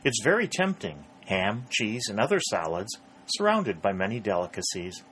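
A man's voice: lowish voice, big pitch swings, normal speed, a bit bright, slight background noise. A man reading the lines of a good-humoured young captain in a storybook, easygoing and courteous. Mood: friendly.

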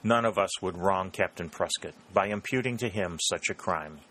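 Man reading cold placid secretary, precise, smooth, low voice. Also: normal speed, pushed and bright. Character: placid, cruel government secretary, older man.

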